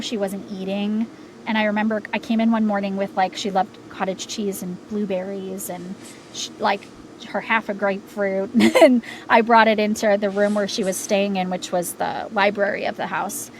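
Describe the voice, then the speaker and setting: A woman's voice: medium pitch, flat delivery, moderate pace, slight background noise, poor audio. A young adult woman, a podcast guest, telling a personal story candidly from a home sound booth, with many fillers and restarts.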